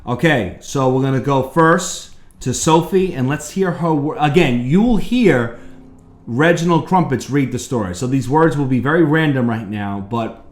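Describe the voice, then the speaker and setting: A man hosting a podcast, calmly explaining a word game step by step in casual chat. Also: medium pitch, normal speed. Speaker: podcast host. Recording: echoey room.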